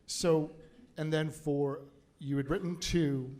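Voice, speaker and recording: Man moderating, asking quick questions. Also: on the high side, steady tone, darkish tone. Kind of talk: moderating a book event. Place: event hall with an audience.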